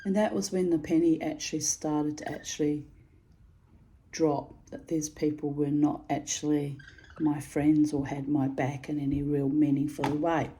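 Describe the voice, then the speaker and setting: A woman's voice: low voice, fairly even intonation, unhurried, mellow, slight background noise, poor audio. A middle-aged woman telling a personal story to camera in a frank, aggrieved way, swearing freely. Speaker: video storyteller.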